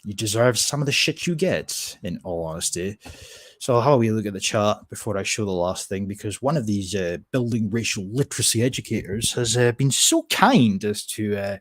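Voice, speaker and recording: A man's voice: on the low side, lively intonation, moderate pace. A Scottish man hosting a livestream, giving sardonic, rambling commentary and reading the chat aloud. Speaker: livestream host.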